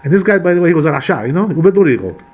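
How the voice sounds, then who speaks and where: Rabbi, man, higher voice, rambling casual storyteller. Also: expressive, very fast, a little mellow, husky. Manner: rambling, full of "you know" and "right". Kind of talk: casual storytelling Torah lesson.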